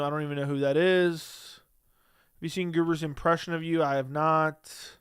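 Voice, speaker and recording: A man's voice: fairly high pitch, steady tone, normal speed, clean tone, dry recording, clean studio sound. A man hosting a casual livestream, reading chat messages aloud and answering them in a blunt, dismissive way.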